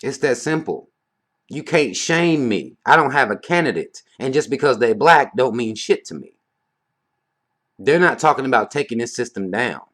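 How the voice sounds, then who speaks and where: A man's voice: mid-range voice, lively intonation, normal speed, fairly bright tone. A man ranting bluntly to camera in a vlog, heated and profane, firing off rhetorical questions. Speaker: vlogger. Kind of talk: casual rant to camera.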